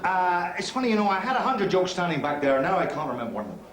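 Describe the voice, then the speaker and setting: An actor playing a crude, cheeky middle-aged club comic from Belfast, with a Northern Irish accent, doing a bawdy stand-up routine on stage. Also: male voice, sits high, very animated, quick pace, a crowd in the background. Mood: cheeky patter. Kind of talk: 1970s TV drama, stand-up routine. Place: club stage before an audience. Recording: roomy club hall, loud audience.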